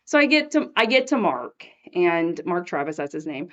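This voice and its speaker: On her faith podcast, a middle-aged host with a lowish voice talks at a moderate pace, and the recording's high frequencies are cut off. Animated and chatty, she recounts a personal story and performs the quoted dialogue of its characters.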